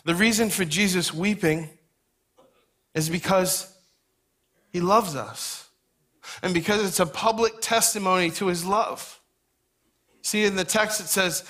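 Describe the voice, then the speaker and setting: Bright-voiced man preaching casually. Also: sits high, unhurried, pauses often. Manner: conversational, folksy preaching with asides. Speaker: pastor. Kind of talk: sermon.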